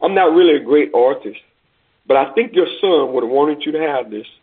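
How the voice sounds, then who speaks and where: A man's voice: a little high, animated, brisk, husky. A man voicing a humble, grateful young soldier speaking earnestly, on a tinny phone-like recording. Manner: earnest, respectful.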